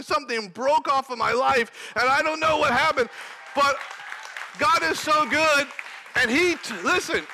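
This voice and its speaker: A young man preaching, telling a personal testimony in an animated, storytelling manner that breaks into shouting. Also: extremely high pitch, creaky. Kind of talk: sermon testimony.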